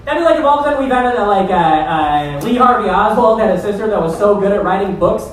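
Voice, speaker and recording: A man's voice: sits high, lively intonation, quick pace. A man hosting a stand-up show, rambling through a story with loose, profane asides. He sounds far from the mic, and his voice rings around a very echoey club room with faint noise underneath. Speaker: comedy show host. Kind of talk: stand-up comedy. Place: comedy club stage. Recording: roomy, distant club recording.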